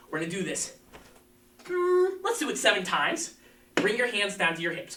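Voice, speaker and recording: A man's voice: sits high, sing-song, moderate pace, sharp tone, a little hiss or hum. A man teaching a live-streamed martial arts class, coaching energetically and calling out counts. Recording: echoey room, mic at a distance.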